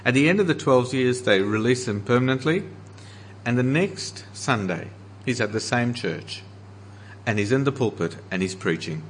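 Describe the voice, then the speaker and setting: An earnest man preaching a sermon as pastor, slowing down to stress the scripture he quotes. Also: medium pitch, lively intonation, slight background noise.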